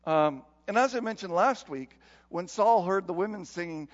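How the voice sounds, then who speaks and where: A man's voice: high-pitched, expressive, normal speed. A man preaching a conversational sermon as pastor, laughing often and acting out the people he quotes. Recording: dull sound with long hall reverb.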